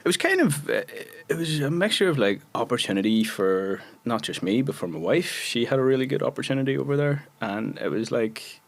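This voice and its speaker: A man's voice: medium pitch, big pitch swings, brisk, gravelly, hardly any pauses. A Northern Irish man in his thirties, a guest actor telling chatty anecdotes on a podcast and laughing often. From Northern Ireland. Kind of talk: casual podcast chat.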